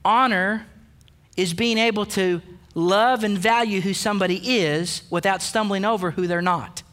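A man's voice: sits high, moderate pace, fairly bright tone. A man pastor preaching a sermon, emphatic and direct, calling out the men with playful asides. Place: church sanctuary.

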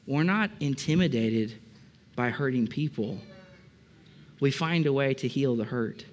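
A man's voice: mid-range voice, expressive, measured pace, long pauses. A man preaching a conversational sermon to a congregation, joking and asking them questions. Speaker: pastor. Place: church service before a congregation.

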